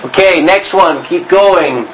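Seorang pria mengajar kosakata Yunani di kelas dengan santai, sering tertawa dan bercanda. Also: male voice, high-pitched, soft background music, rough recording. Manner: jokey, laughs often, drawn-out words. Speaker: Greek teacher. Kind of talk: casual classroom teaching.

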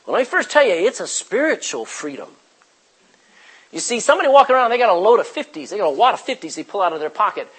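A man preaching a sermon as pastor, emphatic, swinging from loud declarations to hushed, quiet passages. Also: sits high, sing-song, fast talker, slightly rough, low-quality recording.

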